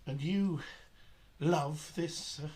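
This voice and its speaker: A man voicing a gentle, lovelorn young poet in a comic operetta, speaking softly and languidly, recorded in his room at home. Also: on the high side, very slow. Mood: lovesick. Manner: soft, languid, lovesick. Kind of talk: comic operetta dialogue, one-man performance.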